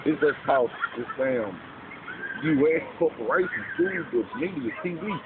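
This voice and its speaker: A man's voice: a little high, animated, a little slow. Male speaker, informal lecturing tone, slangy, lo-fi recording with heavy noise. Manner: preachy, street slang, repeats "you know what I'm saying". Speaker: speaker explaining a belief. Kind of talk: casual monologue. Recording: tinny lo-fi with loud background noise.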